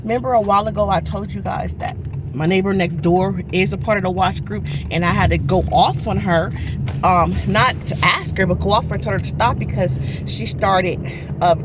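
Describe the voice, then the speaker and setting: A woman telling viewers an animated storytime in a casual vlog. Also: on the low side, heavy background noise. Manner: animated, talking straight to viewers. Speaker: vlogger.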